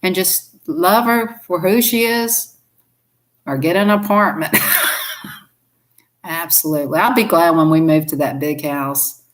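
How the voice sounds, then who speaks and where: A woman's voice: lowish voice, measured pace, pauses often. A woman with a Southern US accent, chatting folksily on a live stream and laughing often. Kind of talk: casual live-stream chat.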